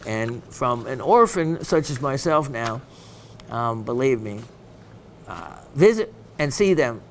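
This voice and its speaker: A man's voice: mid-range voice, fairly bright tone, a little hiss or hum. A man hosting a gem shopping show, chatting casually and reading viewer messages aloud, with plenty of ums and uhs.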